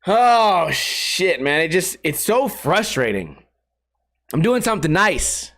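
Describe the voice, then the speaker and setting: A man's voice: high voice, sing-song, slow pace, fairly bright tone. A young adult man ranting on a casual podcast, profane and exasperated, putting on mocking voices when he quotes people. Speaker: skateboarding YouTuber.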